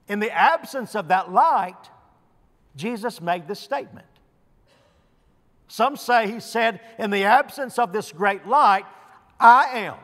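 A man with a high voice preaches in a deliberate, unhurried cadence, stressing single words and letting pauses hang. His voice rings out in a church sanctuary with a long reverb tail. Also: a bit bright. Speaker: pastor. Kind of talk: sermon.

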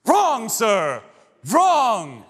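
A man voicing an eccentric, theatrical male candy-maker, loud and sing-song, in a large echoing hall. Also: very high-pitched, wildly swooping pitch, extremely slow, slight background noise, pitched above the performer's own voice, full character voice. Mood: indignant. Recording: long reverb of a large hall.

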